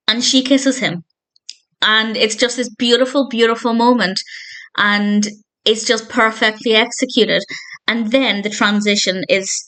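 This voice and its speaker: A film and TV reviewer, a woman with a fairly high, slightly bright voice, reviews a TV episode in a casual spoken style. She retells scenes with thoughtful, enthusiastic commentary, making small self-corrections along the way.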